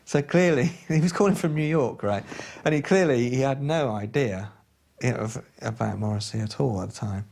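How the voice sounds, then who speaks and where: Gravelly man telling a rambling anecdote. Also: medium pitch, moderate pace, a little mellow, slight background noise. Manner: hesitant, full of fillers and restarts, storytelling. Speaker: interviewee, former collaborator. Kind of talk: anecdotal interview.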